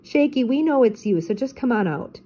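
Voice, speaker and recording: A woman doing a brisk, confident young woman. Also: fairly high pitch, animated, dark tone, husky, voice pushed up, low-quality recording. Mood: matter-of-fact. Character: confident young woman, local mountain guide.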